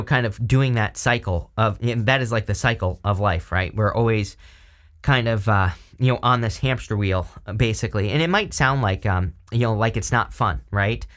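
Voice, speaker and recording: A man's voice: lowish voice, a bit bright. A man giving a casual tarot reading, talking loosely with many fillers and restarts. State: throat irritated by allergies. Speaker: tarot reader.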